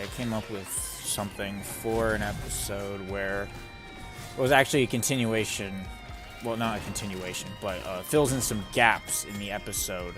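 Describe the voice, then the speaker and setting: A man streaming a game, chatting casually in a rambling way and swearing often. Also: lowish voice. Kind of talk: casual live-stream chat while gaming. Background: game music.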